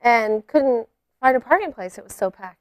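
A woman co-hosts a casual chat show in a chatty, teasing way. Her voice sits high. The sound is dry and close. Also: animated, normal speed, dry recording. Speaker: co-host.

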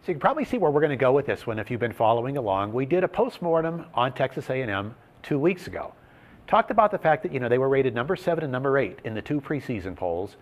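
A man hosting a sports betting talk show, leading the segment in a lively, emphatic way and laying out odds and stats. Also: mid-range voice, quick pace, lo-fi sound.

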